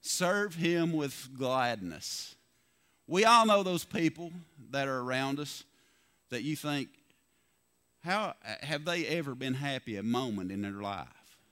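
A man preaching a sermon, folksy and lively, asking the congregation rhetorical questions. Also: mid-range voice, a little slow. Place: church.

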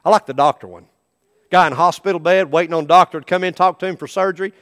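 A middle-aged man preaching a sermon as pastor, animated, acting out the people in his stories. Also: high-pitched, fast. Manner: animated preaching, acts out quoted voices.

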